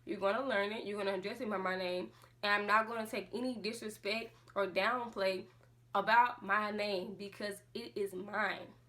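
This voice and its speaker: Impassioned woman vlogger, bright voice. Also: medium pitch, fairly even intonation, normal speed. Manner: impassioned, full of rhetorical questions. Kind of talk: casual monologue to camera.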